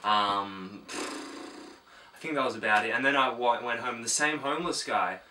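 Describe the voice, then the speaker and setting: A man's voice: mid-range voice, measured pace, bright, forceful tone, reverberant, a little hiss or hum. A young man playing an oblivious young man who rambles on in a one-sided chat, muttered and self-absorbed. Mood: rambling. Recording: distant from the mic.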